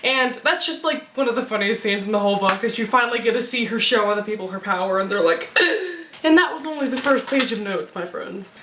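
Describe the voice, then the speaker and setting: A young woman giving a casual book review vlog, gushing and excitable like a fangirl. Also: medium pitch, quick pace, few pauses, roomy sound, slight background noise. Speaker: book vlogger.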